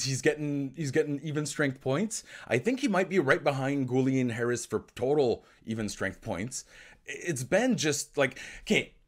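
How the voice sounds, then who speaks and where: Francophone man. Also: medium pitch. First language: French. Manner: animated, rambling with restarts. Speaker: co-host. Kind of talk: casual hockey livestream chat.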